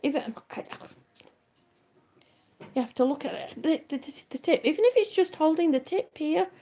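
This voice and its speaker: A woman's voice: sits high, expressive, normal speed, warm tone, slight background noise. A woman who is out of breath, chatting casually on a livestream, greeting viewers and reading their comments, often trailing off and restarting. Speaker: livestream vlogger.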